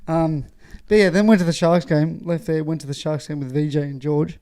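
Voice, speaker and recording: A man co-hosting a relaxed podcast, his voice a little higher than most men's and soft, warm in tone. He laughs a lot and tells his stories as banter, swearing freely and acting out what people said. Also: fairly quick, clear, resonant tone. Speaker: podcast co-host. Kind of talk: casual chat.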